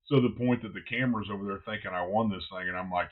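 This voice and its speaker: A man who is a barbecue pitmaster, guesting on a podcast and telling stories in a blunt, animated way, swearing freely. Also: lowish voice, fast talker, narrow, tinny audio. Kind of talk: casual podcast storytelling.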